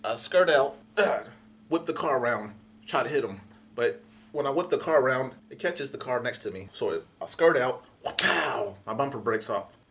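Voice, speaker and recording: A young man telling a comic story in an animated, profane way, acting out voices. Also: mid-range voice, normal speed.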